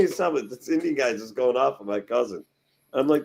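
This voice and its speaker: A middle-aged man hosting a garage show, ranting and swearing as he tells animated stories in casual chat. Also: medium pitch, a little fast, vocal fry, slightly rough. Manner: profane, ranting, animated storytelling.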